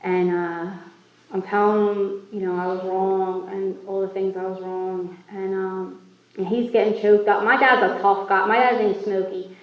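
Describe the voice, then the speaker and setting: A woman's voice: medium pitch, level tone, measured pace. A woman speaking at a recovery meeting, telling her own story in a candid, self-mocking way. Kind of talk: personal recovery story talk. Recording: echoey hall, far from mic, muffled.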